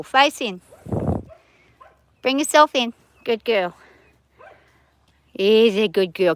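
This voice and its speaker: A woman's voice: a little high, expressive, slow, pauses often, clear, resonant tone. A middle-aged Australian woman chatting casually outdoors while calling short commands to her horse. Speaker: horse owner lunging her horse. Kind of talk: casual vlog with calls to a horse. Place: outdoor riding area.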